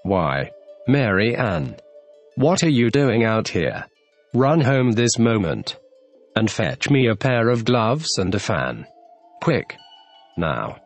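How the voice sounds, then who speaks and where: A man voicing an anxious, fussy male white rabbit in a storybook reading, muttering and scolding in a lowered voice. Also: big pitch swings, soft background music, heavily acted. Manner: fretful, hurried muttering.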